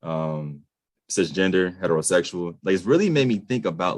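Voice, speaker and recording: A man's voice: low voice, lively intonation, normal speed, no echo. A man in his late twenties from the United States hosting a podcast interview, earnest and emphatic, casual with slang. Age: late 20s. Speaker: podcast host.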